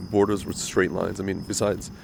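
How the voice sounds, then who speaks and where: A man's voice: low-pitched, flat delivery, normal speed, gravelly, background noise. A man hosting a casual commentary monologue who talks straight to his viewers in a rambling, opinionated way, his voice slightly nasal from a recent cold. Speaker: religious commentary host.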